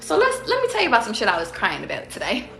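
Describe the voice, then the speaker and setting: A woman's voice: fairly high pitch, wildly swooping pitch, racing, gravelly, fairly bright tone, reverberant. A woman who reads tarot, giving a casual livestream pep talk to her viewers. She talks profanely and emphatically and keeps asking rhetorical questions. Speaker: tarot reader.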